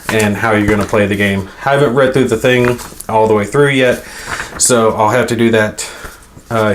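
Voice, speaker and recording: Low-voiced man rambling through an unboxing. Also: background noise. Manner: rambling, thinking aloud as he handles items. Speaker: board game channel host. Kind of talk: casual unboxing commentary.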